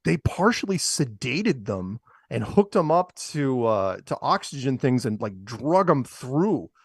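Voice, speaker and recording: A man's voice: medium pitch, very animated, unhurried, slightly rough, no echo, clean studio sound. A man co-hosting a talk show, reading news items aloud and mocking them with sarcastic asides. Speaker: podcast co-host. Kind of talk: casual commentary on news clips.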